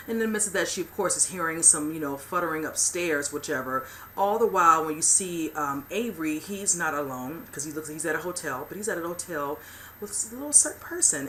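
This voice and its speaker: A woman's voice: sits low, a bit bright, slight background noise. A woman hosting a casual TV episode recap, rambling along with lots of "you know" fillers. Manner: rambling retelling full of "you know" and "whichever". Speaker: host of a TV recap channel.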